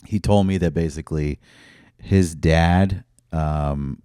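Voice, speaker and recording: A man talks in a very low, deep register. He rambles through stories on a casual podcast, swearing freely as he goes. The sound is close and dry, with no room around it. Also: slow pace, mellow, clear, resonant tone, no echo. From Brooklyn, New York. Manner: profane, rambling storyteller. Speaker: comedian guest.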